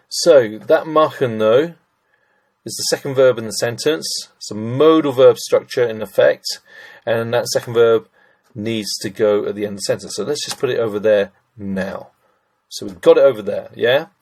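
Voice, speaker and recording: A man's voice: fairly low pitch, a little mellow. A middle-aged man teaching German grammar, chatty and thinking aloud as he works through sentences, addressing listeners as ladies and gents. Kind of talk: screen-recorded grammar lesson.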